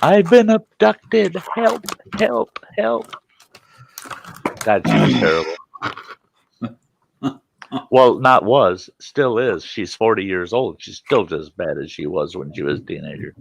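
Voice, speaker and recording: A man in his sixties in casual storytelling, animated and acting out voices, swearing freely. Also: sits low, moderate pace, vocal fry, pauses often, a little hiss or hum. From Wisconsin. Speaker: vlogger.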